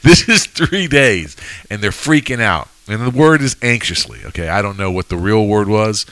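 A man's voice: fairly low pitch, lively intonation, moderate pace, few pauses, fairly bright tone, no echo. A man co-hosting a Bible study, talking emphatically and checking in with "okay?". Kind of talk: casual teaching discussion.

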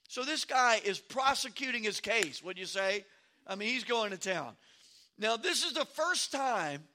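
A male pastor preaching an expository sermon, reading scripture aloud and adding animated, sarcastic asides. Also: high voice.

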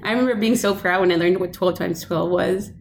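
A woman co-hosting a casual podcast chat, playful and animated in her asides. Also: lowish voice, a little fast, creaky. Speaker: podcast co-host.

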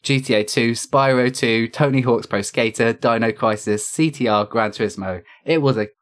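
A man's voice: mid-range voice, moderate pace. A man hosting a casual podcast chat, reading off facts with lots of fillers. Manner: chatty, lists facts with many fillers. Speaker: podcast host.

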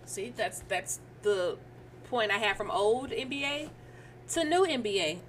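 A woman's voice: mid-range voice, lively intonation, unhurried, slight background noise. A woman co-hosting a podcast, talking emphatically and opinionated, often checking if she's understood. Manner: emphatic and opinionated, keeps asking "you know what I'm saying". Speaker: podcast co-host. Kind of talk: casual podcast chat.

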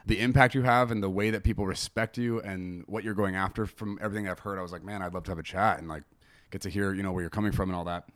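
Low-ish guy hosting a podcast, casual, rambly, talking to his listeners. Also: steady tone, fast, a bit bright. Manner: chatty and meandering, talking to listeners. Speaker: podcast host.

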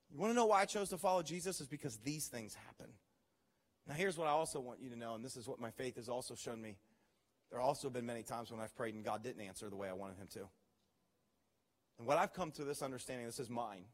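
A man preaching a sermon as pastor, telling stories with animated, acted-out reactions. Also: mid-range voice, long reverb tail. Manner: animated storytelling, acts out his own reactions.

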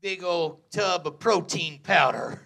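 A middle-aged man preaching a storytelling sermon, chuckling often, saying "uh" and "amen" a lot, and swinging from low asides to loud, fervent preaching. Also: lively intonation, slow, vocal fry. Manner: chuckles often between phrases, peppers speech with "uh" and "amen". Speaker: pastor.

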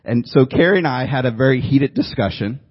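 A man's voice: mid-range voice, expressive, brisk, breathy edge, dull audio. A man preaching a sermon to a congregation, telling a story in a conversational way and joking with the room. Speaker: pastor. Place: church room before a congregation.

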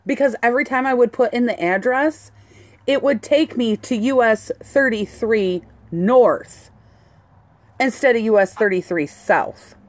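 A woman telling a story in casual chat, animated and swearing freely. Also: on the high side, measured pace, no echo. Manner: animated, swears a lot, acts out quotes.

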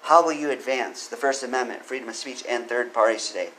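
A man's voice: mid-range voice, a little fast, a bit bright, a little hiss or hum, poor audio. A man reading out legal code and giving his opinions, often putting questions to the listener. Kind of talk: solo commentary with read-out legal text.

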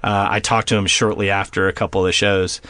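A young adult man as a podcast guest, telling a story in a casual, animated way, swearing often and restarting his phrases. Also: fairly low pitch, fast, dry recording.

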